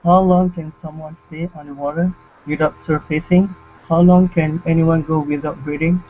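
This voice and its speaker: A man in an online English class reads a passage aloud with care, stopping now and then to fix a word. His voice is a little high. The call sounds thin and phone-like. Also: slight background noise. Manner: careful reading with small restarts. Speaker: language student. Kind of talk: reading a text aloud in class. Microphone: video call. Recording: tinny phone-like call audio.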